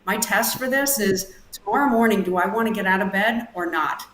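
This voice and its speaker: A woman performance coach, a guest on an interview podcast, explaining her method in a measured, deliberate way. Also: medium pitch, fairly bright tone, roomy sound, slight background noise, poor audio. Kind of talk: interview answers, coaching advice.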